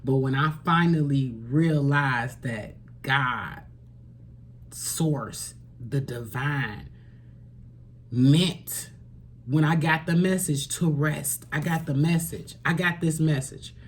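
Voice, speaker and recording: A woman giving a spiritual tarot reading to camera, earnest and preachy. She repeats phrases for emphasis and sometimes drops to a soft near-whisper. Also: deep voice, slow pace, slightly rough. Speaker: tarot reader.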